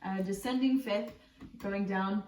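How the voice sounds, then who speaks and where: A woman voice teacher explaining warm-ups in a relaxed, chatty way, with frequent ums and likes. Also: medium pitch, unhurried, a little hiss or hum. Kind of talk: casual spoken singing lesson. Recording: roomy echo from a distant mic.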